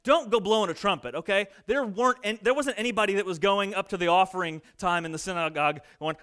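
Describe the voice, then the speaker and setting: A man preaching a sermon, reading scripture and acting out boastful people in lively asides. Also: high voice, fast, clean tone. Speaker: pastor.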